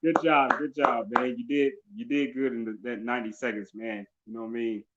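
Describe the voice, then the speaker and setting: A man's voice: medium pitch, steady tone, brisk, a bit bright, dull audio. A male interview host with an upbeat, encouraging, repetitive way of talking. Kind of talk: casual live-stream interview.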